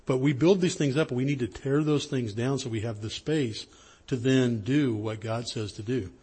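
A man's voice: normal speed, a little mellow, husky. A middle-aged man, a pastor, giving a sermon in a conversational storytelling way, acting out the lines of people in his story. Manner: conversational storytelling, acts out dialogue with rising pitch.

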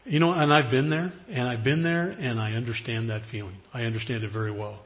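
A man's voice: medium pitch, steady tone, brisk, hardly any pauses. A middle-aged man preaching a sermon in an earnest, conversational way, often restarting phrases and acting out the voices in a story. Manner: conversational, earnest, with frequent restarts and acted-out quotes. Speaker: pastor.

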